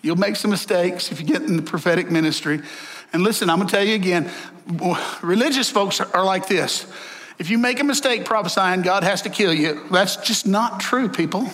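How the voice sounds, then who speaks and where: A man preaches a sermon with a drawl, his voice high and bright. He jokes with the congregation in a folksy, lively way. The sound carries a long church-hall reverb. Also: moderate pace. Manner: folksy, animated, joking with the congregation. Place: church sanctuary. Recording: echoey hall.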